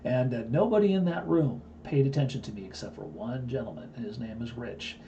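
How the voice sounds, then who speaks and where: A man's voice: mid-range voice, a little fast, vocal fry, dark tone, highs cut off, a little hiss or hum. A man in his fifties hosting a live stream, telling a story in a blunt, boastful way. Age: 50s. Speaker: live-stream host and trading teacher.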